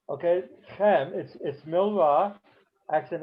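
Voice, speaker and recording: A man's voice: on the high side, animated, a little slow, phone-quality sound. A man teaching a beginners' Hebrew class online, explaining patiently with frequent fillers.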